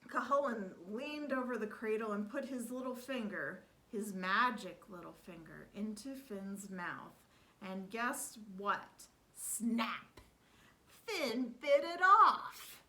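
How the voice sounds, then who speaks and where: Woman reading a kids book out loud, slow n really expressive, bright voice. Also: medium pitch, poor audio. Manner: expressive, animated. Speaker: storyteller. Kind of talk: children's story read-aloud.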